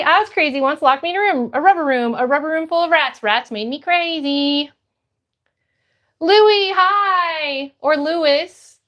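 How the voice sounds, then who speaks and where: A woman's voice: very high-pitched, a bit bright. A woman livestreamer reading her chat aloud, upbeat and greeting viewers by name.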